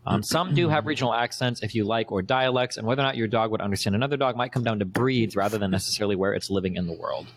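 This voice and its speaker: A man's voice: fairly low pitch, quick pace, few pauses. A man in a casual group chat, reading out facts in a matter-of-fact way.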